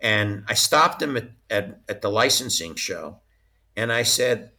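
Low, bright-voiced man telling stories. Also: animated, a little slow. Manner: chatty, laughs often mid-story. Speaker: interview guest, former studio licensing executive. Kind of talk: casual anecdotal storytelling.

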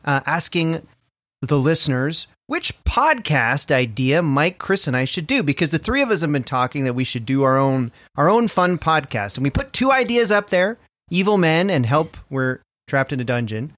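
Lively, animated male podcast host. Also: a little high, moderate pace, no room sound. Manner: jokey, animated, swears freely. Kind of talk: casual comedy chat.

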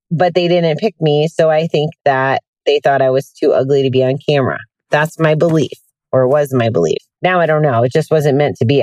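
A low-voiced woman talks candidly into her podcast from a parked car. She sounds tired and keeps a loose, chatty flow full of fillers, and the sound is dry and close. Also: darkish tone, dry recording. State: tired, yawning. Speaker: podcast host. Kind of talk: casual self-help podcast monologue. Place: sitting in a hot car.

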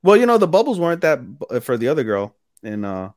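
A young male podcast co-host with a medium-pitched voice talks quickly in casual chat, crudely retelling scenes and acting out the lines with animation. The studio-quality recording has no echo.

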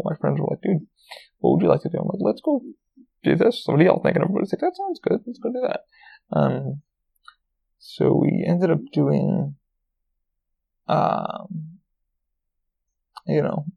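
A man's voice: fairly high pitch, gravelly, breathy edge, muffled recording. A podcast host, a man telling a casual, rambling story with lots of swearing and fillers. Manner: rambling, profane, full of fillers.

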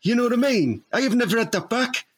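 A man's voice: very high voice, expressive, quick pace, breathy edge. A man doing improvised comedy banter, jokey and rambling.

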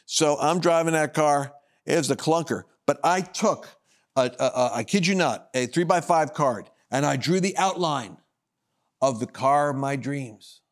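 A man minister tells his own story to a broadcast audience in a voice pitched fairly high for a man. His delivery is animated, climbing into loud, high bursts and sinking into quiet low asides. He voices the people in his story as he goes. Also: a little slow. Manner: acts out quoted dialogue in his telling.

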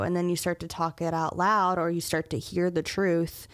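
A young adult woman hosting a casual faith podcast, chatty and quick to laugh, often restarting her sentences. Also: on the low side, flat delivery. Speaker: podcast host.

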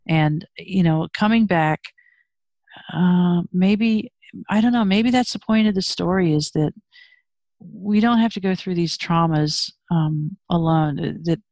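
A woman with a slightly low voice recounts her life frankly, moving between raw emotion and wry humor. The sound is dry and close, with no room around it. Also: unhurried, a little mellow, dry recording. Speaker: interview guest. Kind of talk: personal storytelling in conversation.

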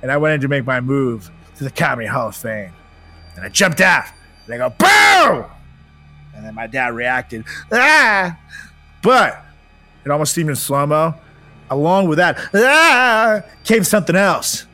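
A man's voice: mid-range voice, expressive, fairly quick, pushed and bright, no echo, soft background music. A young man hosting a comedy podcast, telling a funny personal story in a profane, laughing, playful way.

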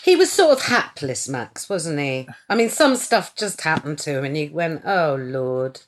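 A woman, a guest actor, chatting in a podcast interview in a lively, chatty way. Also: sits low, moderate pace.

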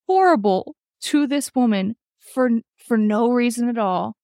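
Higher-voiced woman host, animated and foul-mouthed, recorded close and dry. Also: a little slow, dry recording. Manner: animated, swears freely, acts out quotes. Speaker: podcast host. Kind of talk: casual recap chat.

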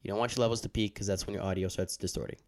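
Very fast and steady in tone, a young co-host's low, slightly mellow voice comes through a handheld mic. He handles the podcast's audio and rambles casually about his habits with it, often interrupting himself.

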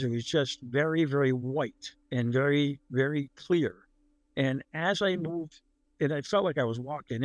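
A man's voice: on the high side, dry recording. An older man telling a personal story in casual, rambling speech and acting out the lines he quotes. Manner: plain-spoken, rambling, acts out the dialogue he quotes. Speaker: guest recounting a near-death experience.

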